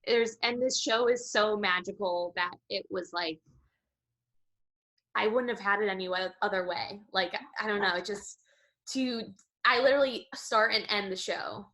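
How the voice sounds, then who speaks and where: A woman in her twenties, a Broadway performer and dancer, chatting in an interview with lively restarts and lots of fillers. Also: mid-range voice, normal speed. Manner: animated, tumbling restarts and frequent "like". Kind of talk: casual interview chat.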